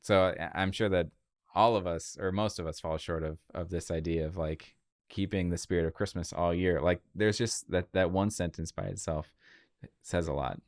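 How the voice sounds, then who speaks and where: A laid-back man co-hosting a casual podcast chat, with a very low, deep voice. He talks in a thoughtful way. The recording is dry and close-miked. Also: steady tone, moderate pace, no echo. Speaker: podcast co-host.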